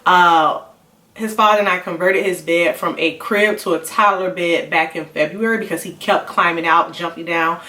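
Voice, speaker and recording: A woman's voice: on the low side, fairly bright tone. A young woman, a mother telling a candid personal story on her vlog in a conversational, confessional way. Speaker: mom vlogger. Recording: roomy, a bit far from the mic.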